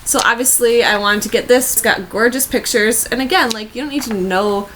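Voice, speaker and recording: A sick American woman in her twenties chats from her bed at home in a gushing, chatty book vlog. Her voice is slightly high, brisk, and fairly bright, and the poor audio carries a little hiss or hum.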